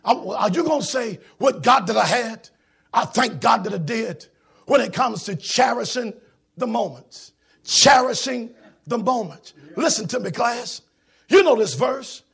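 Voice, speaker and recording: A man preaching a sermon in a church, shouting in a sing-song preaching cadence with a raspy voice. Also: very high voice, lively intonation, a little slow.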